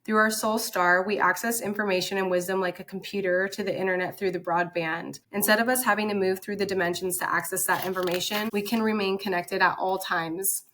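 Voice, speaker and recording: A woman's voice: mid-range voice, steady tone, a little fast, few pauses, fairly bright tone. A young woman giving a casual, enthusiastic oracle card reading, reading card text aloud and chatting between passages. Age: young adult. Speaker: spiritual content creator.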